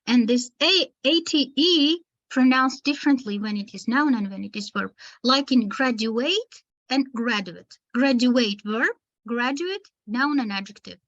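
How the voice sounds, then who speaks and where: Teaching teachers online, a woman trainer speaks in a high, fairly bright voice, and the highs in the audio are cut off. She goes slowly and deliberately, pausing between words to mark the stress.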